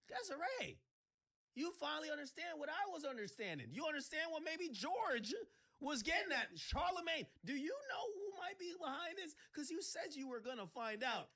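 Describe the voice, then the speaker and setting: A man hosting a livestream, ranting sarcastically in casual chat and breaking into shouts. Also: very high-pitched, big pitch swings, normal speed. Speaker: livestream host.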